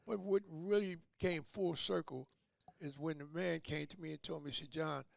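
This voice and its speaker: A man's voice: a little high, fairly even intonation, moderate pace, creaky, dry recording. An older man telling stories as an interview guest, acting out the voices of the people he quotes. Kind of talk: storytelling in conversation.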